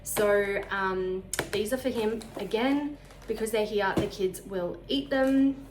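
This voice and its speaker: A chatty Australian woman in her thirties talks to camera in a quick, slightly breathless rush. Her voice sits at an ordinary middle pitch. It bounces around an echoey room at home over a faint background hiss. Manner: fast-talking, chatty, sounds out of breath. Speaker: vlogger. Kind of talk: casual chat.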